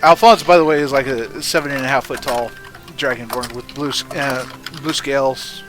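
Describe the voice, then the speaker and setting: A man's voice: medium pitch, fairly even intonation, moderate pace, a bit bright, faint music behind. A man playing a tabletop game, bantering in character in a playful way with hesitant restarts. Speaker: player.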